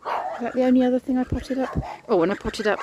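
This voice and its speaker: A woman's voice: sits high, fairly even intonation, fast talker, dull audio, background noise. A woman vlogging casually outdoors in a garden, chatting and rambling through her chores and stories. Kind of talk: casual vlog chat.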